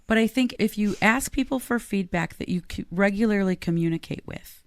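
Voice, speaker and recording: A woman's voice: medium pitch, moderate pace, no room sound, clean studio sound. A woman podcast co-host and leadership coach, talking casually and earnestly and laughing easily.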